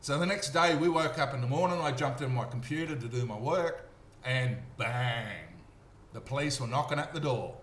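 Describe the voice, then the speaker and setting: A man's voice: medium pitch, moderate pace, a bit bright. A middle-aged man, rambling through a personal story, acting out the dialogue and checking in with "okay?". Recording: roomy with faint background noise.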